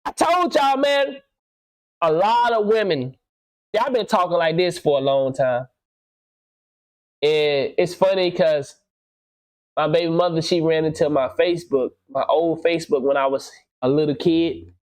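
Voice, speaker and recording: A man's voice: on the high side, unhurried, pauses often, poor audio. Man in his 30s, podcast host, preachy and profane, talks straight at the listener. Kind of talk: casual podcast conversation.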